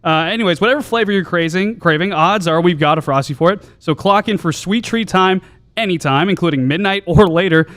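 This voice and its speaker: Casting: male podcast regular, higher voice, rambling casual ad read. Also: a little fast, fairly bright tone. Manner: rambling, chatty, lots of fillers. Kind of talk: casual sports podcast chat.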